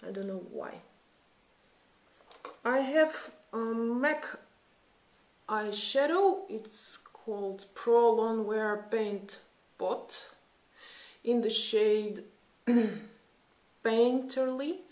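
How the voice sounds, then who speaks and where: A woman's voice: a little high, drawn-out words, pauses often, darkish tone. A woman in her thirties with a Russian accent, chatting and thinking aloud while doing a makeup tutorial. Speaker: beauty vlogger. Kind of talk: casual makeup tutorial chat. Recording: echoey room.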